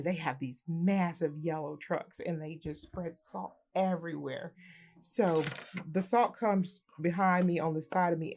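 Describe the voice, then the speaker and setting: A military veteran woman telling a personal story to the camera in a lively way, laughing often as she goes. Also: on the low side. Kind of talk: personal anecdote told to camera.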